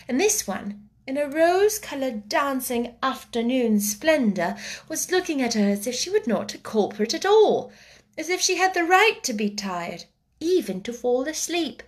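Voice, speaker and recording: A woman narrating a classic children's story aloud, expressive, sometimes slipping into a hushed whisper. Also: sits high. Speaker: audiobook narrator.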